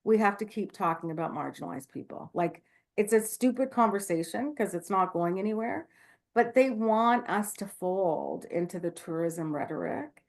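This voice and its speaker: A woman's voice: mid-range voice, animated, moderate pace, creaky. Woman midwife, candid, passionate, filler-heavy, video-call talk. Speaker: guest speaker, midwife. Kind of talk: online talk Q&A, casual.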